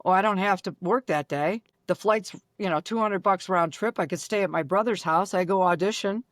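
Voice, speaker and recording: An older woman from Buffalo, a guest telling brash, rapid-fire stories with acted-out dialogue. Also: medium pitch, no echo, clean studio sound. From Buffalo, New York. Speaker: guest, former pro golfer. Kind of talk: animated storytelling.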